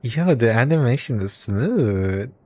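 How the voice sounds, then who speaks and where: A woman streaming a game, reacting in a chatty, excitable way. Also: a bass voice, takes it slowly. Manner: chatty, excitable, stumbling on names.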